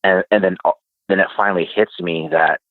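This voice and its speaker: A man guest telling a personal story casually, halting with many fillers and restarts. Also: low voice, fairly even intonation, no room sound. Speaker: podcast guest. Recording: tinny phone-like remote line.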